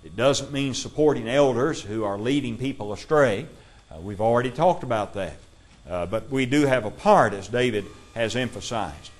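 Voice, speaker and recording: A man teaching a Bible class, reading scripture aloud slowly and putting questions to his listeners. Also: mid-range voice.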